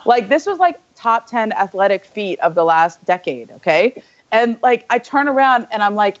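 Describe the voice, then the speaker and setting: Animated young woman telling a story. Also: mid-range voice, moderate pace, muffled recording. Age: young adult. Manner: animated, filler-heavy storytelling with lots of "like". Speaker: podcast co-host. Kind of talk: casual storytelling chat.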